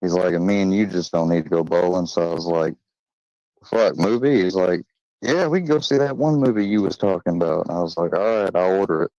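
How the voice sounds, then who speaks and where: A man's voice: deep voice, fairly quick, dark tone, dry recording. A man casually telling a personal story, rambling with fillers, restarts and slang. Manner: swearing, slangy. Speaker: channel host. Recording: dull lo-fi sound.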